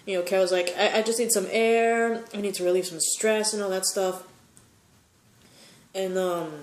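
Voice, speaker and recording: A woman's voice: mid-range voice, reverberant. A woman giving a casual, opinionated recap of a TV episode, rambling with many fillers. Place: sitting in a chair at home.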